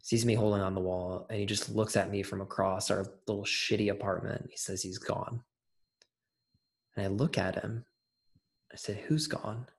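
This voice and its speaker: A man's voice: lowish voice, little pitch movement, fairly quick. A young adult man, an interview guest, telling a personal story in casual conversation, with many fillers and restarts.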